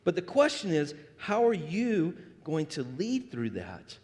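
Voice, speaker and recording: Man preaching in a church sanctuary, high and animated, conversational delivery with a long hall reverb. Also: unhurried. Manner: conversational, animated, joking with the congregation. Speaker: pastor. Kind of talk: sermon.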